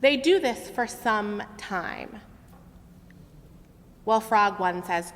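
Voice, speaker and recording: Brief: woman worship leader, slow and very lively storytelling, long reverb of a big sanctuary. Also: mid-range voice, slight background noise. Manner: lively expressive story-telling. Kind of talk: sermon storytelling. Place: large sanctuary.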